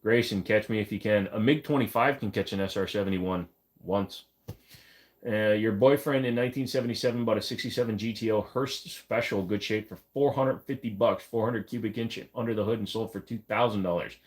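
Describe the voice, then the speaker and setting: Low-voiced male streamer, casual joking chat with lots of fillers. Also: fairly quick. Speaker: live stream host. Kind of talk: casual live chat reading comments.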